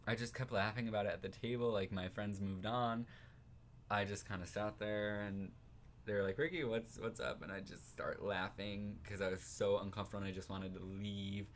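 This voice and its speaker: A young man in a casual storytime vlog, talking in an animated, self-consciously dramatic way, laughing often and saying like a lot. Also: on the low side, a little hiss or hum. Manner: filler-heavy, says like a lot. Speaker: vlogger.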